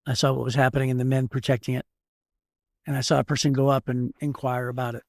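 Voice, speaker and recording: Pastor dude, gravelly, kinda high voice, repeats himself for emphasis, dry mic. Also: male voice, flat delivery, quick pace, dry recording. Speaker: pastor and podcast co-host. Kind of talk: casual faith discussion.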